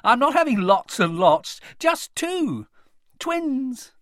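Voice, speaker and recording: A narrator voicing an excited, cheerful young mother with a bright, high, gushing manner. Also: takes it slowly, no echo, studio quality, heavily acted.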